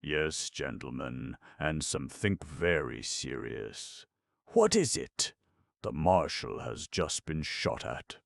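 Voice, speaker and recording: A man narrating a classic novel in a measured, even reading. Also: rumbling low, creaky, no room sound, studio quality. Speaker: audiobook narrator. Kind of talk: scripted narration.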